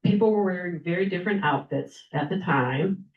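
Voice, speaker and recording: Older woman, speech giver at a club meeting, lively storyteller, low-ish voice, dull lo-fi room recording. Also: a little fast. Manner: animated storyteller, acts out quoted people. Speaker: club member giving a speech. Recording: echoey room, dull lo-fi sound.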